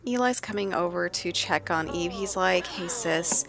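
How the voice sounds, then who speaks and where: A woman giving chatty, casual gameplay commentary, quick and full of exclamations. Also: fairly low pitch, creaky, music in the background. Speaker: let's play narrator.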